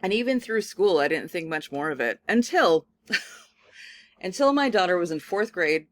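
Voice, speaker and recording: A woman professor giving a lecture, telling a personal story in a casual, animated way with many filler words. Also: on the low side, a little slow. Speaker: communication studies professor. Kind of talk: recorded lecture with personal anecdote.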